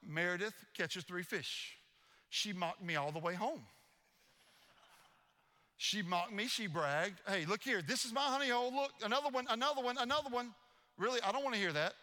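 Man, pastor, high, bright voice, animated preaching, church hall reverb. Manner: animated storytelling, playfully mocking. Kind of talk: sermon. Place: church sanctuary.

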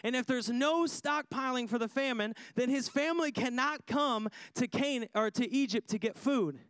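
Male pastor, sermon, high voice, smooth and clear, emphatic, repeats lines, asks the audience questions. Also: normal speed, a bit bright, dry recording.

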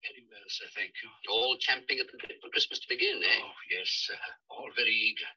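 Period film gentleman, clipped and polite, bright but breathy, heard from afar on dull dry audio. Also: mid-range voice, fast talker, dry recording, far from the mic. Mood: courteous. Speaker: film character.

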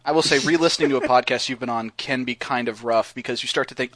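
A man's voice: medium pitch, fast talker, few pauses, a bit bright, no room sound. A man chatting casually on a podcast, rambling with lots of fillers and restarts. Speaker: podcast guest co-host.

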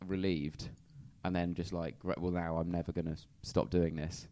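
A young man from England chats as a comedian guest on a live podcast, telling stories with wry, self-deprecating humour. His voice sits fairly low, and his quieter asides tend to trail off. He talks loosely and conversationally. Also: little pitch movement, normal speed. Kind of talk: casual live podcast chat. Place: live venue in front of an audience.

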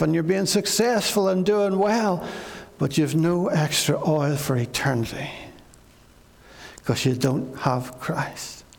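A man preaches with a high, gravelly voice, slow and deliberate. His earnest words repeat for weight. A long reverb trails each line in the hall. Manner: earnest preaching, with repeated phrases and acted pleas. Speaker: pastor. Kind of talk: sermon.

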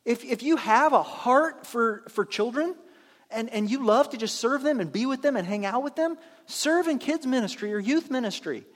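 Pastor, male, high voice, chatty sermon delivery, church with long reverb. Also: expressive. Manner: conversational, acts out imagined churchgoers in quick asides. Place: church sanctuary.

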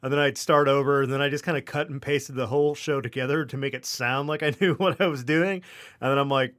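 A man's voice: a little high, fairly even intonation, quick pace, fairly bright tone. A man co-hosting a podcast, telling a rambling, self-deprecating story in casual chat with lots of fillers. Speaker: podcast co-host.

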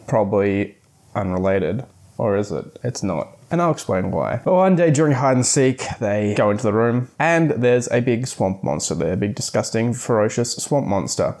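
A man giving a casual, chatty book review with many fillers, talking in quick animated spurts. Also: fairly low pitch.

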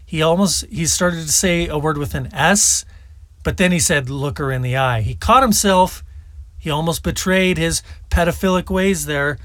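A man's voice: on the high side, moderate pace, fairly bright tone, no echo. A man hosting a political commentary show, talking casually and scornfully between played clips. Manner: scornful, mocking.

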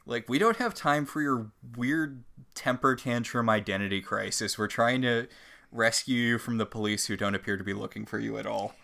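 A woman's voice: extremely low pitch, normal speed, creaky, a bit bright. A woman co-hosting a podcast, recapping an episode casually with dry, mocking humor. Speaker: podcast co-host.

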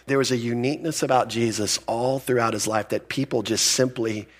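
A man's voice: mid-range voice, steady tone, brisk. A male pastor giving a sermon in a conversational, emphatic way.

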